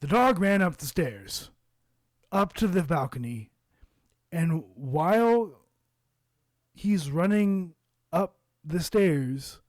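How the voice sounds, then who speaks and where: Man, casual storytelling to camera, rambling, slow-paced, dry close sound. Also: fairly high pitch, lively intonation, no echo. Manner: rambling, loose with curses and fillers. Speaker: vlogger.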